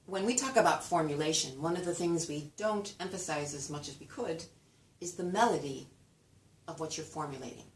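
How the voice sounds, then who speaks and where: Low-voiced woman teaching with melodic demonstrations. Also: expressive, moderate pace. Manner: demonstrates phrases with exaggerated sung-like melodies. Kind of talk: lecture with spoken demonstrations. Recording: roomy echo, distant mic, faint rumble.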